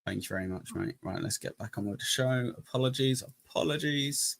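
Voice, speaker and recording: A man's voice: medium pitch, fairly quick, creaky, fairly bright tone. A man with an English accent hosting a live stream, chatting casually, joking and thanking donors. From England. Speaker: streamer host reacting to clips.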